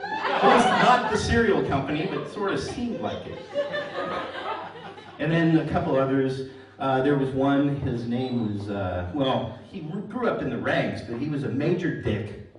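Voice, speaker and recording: A man's voice: medium pitch, big pitch swings, measured pace. A middle-aged man performing a stand-up comedy set, telling stories dryly and landing puns as punchlines before a live audience. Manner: dry storytelling with pun punchlines. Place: large hall on stage before live audience. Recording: echoey hall, mic at a distance, crowd laughter. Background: audience laughter.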